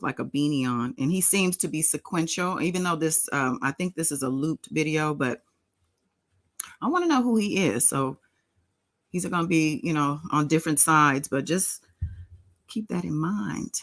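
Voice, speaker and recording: A woman's voice: sits low, moderate pace, rough recording. A woman hosting a casual live stream in a sing-songy voice, greeting her chat members by name. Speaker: livestream host.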